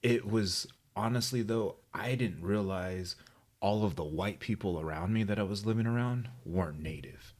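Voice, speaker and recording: A man from New Mexico, co-hosting a podcast and telling an animated story. He often checks in with "you know what I mean?". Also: fairly low pitch, normal speed. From New Mexico, USA. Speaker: podcast co-host. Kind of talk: casual chat, storytelling.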